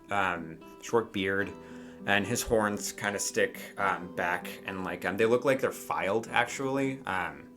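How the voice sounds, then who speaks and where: A man's voice: on the low side, sharp tone. A man running a tabletop role-playing game as game master, narrating loosely and using many fillers like "um" and "like".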